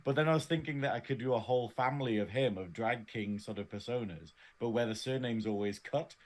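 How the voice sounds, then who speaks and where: A man's voice: mid-range voice, brisk. A man with an English accent co-hosting a casual review chat, rambling and laughing often. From Northern England. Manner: giggly, rambling chatter. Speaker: podcast co-host.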